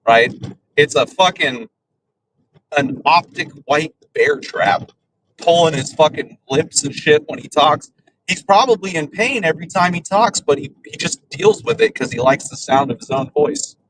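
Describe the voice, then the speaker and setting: A man's voice: fairly high pitch, background noise. A man hosting a podcast, delivering a profane, scornful rant and ending his points with "right?". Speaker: podcast host. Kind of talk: ranting commentary.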